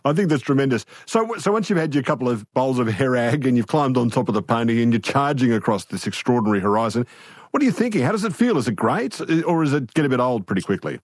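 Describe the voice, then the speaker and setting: A man hosting an interview, asking quick, enthusiastic questions. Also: medium pitch, very animated, no room sound, clean studio sound. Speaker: podcast host, interviewer. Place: studio.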